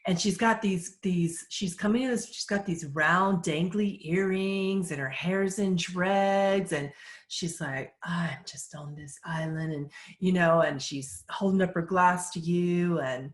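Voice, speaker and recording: A woman working as a psychic medium answers questions in a relaxed live session, passing on messages with a gentle, measured calm. She speaks at a fairly low pitch in an echoey room.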